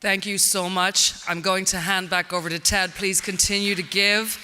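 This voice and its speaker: A man with a high, very bright voice delivers a fundraising speech, earnest and thankful toward the donors. His voice rings through a large hall with a long reverb. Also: little pitch movement, moderate pace, clean tone. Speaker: foundation speaker.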